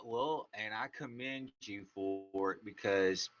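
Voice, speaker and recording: A male radio talk show host speaks slowly and deliberately in a fairly low voice. His tone is bright and firm. The recording is dull and lo-fi. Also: music in the background. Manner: slow, measured, deliberate.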